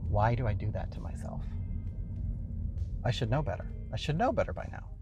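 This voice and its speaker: A man's voice: fairly low pitch, very animated, brisk, dull audio, over music. A man hosting a casual show from his car while driving, rambling with wry, exasperated asides. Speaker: host.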